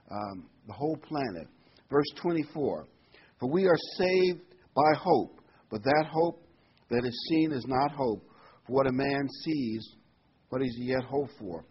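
Husky conversational male preacher. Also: mid-range voice. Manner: conversational, chuckles between points, reads verses aloud. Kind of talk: sermon, reading and explaining scripture. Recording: dull, slightly muffled recording.

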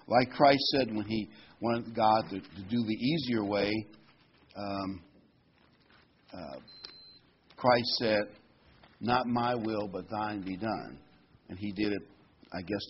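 A man preaching a sermon in a plain, conversational way, reading scripture and pausing often with fillers. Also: on the low side, lo-fi sound, slight background noise.

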